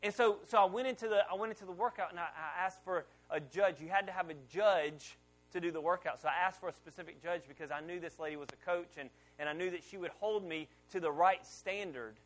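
A middle-aged pastor with a fairly high voice preaches to his church congregation. He talks like he is telling a story to friends, then gets loud and pushes hard on his key points. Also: fast. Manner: conversational storytelling preacher, rising loud on emphasis. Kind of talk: sermon.

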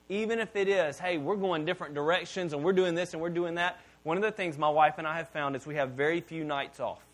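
A male pastor in his thirties delivers a sermon in an easygoing, conversational way. He keeps checking in with the congregation and wanders into side remarks. His speaking voice sits somewhat high for a man. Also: fairly bright tone. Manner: casual, conversational preaching with asides to the audience. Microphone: podcast mic.

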